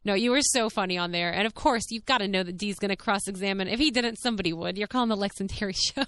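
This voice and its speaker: A young adult woman hosting her own podcast, chatting candidly and reading listener comments aloud, full of fillers and quick laughs. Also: medium pitch, a bit bright, smooth. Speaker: podcast host.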